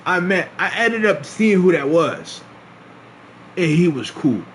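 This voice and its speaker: A young man casually telling a story to his stream, swearing, laughing often and acting out quotes loudly. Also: sits high, big pitch swings, takes it slowly, slight background noise.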